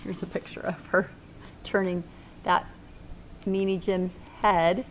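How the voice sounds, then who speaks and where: A woman reading a children's book aloud with expressive, lively storytelling. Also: lowish voice, takes it slowly, slight background noise.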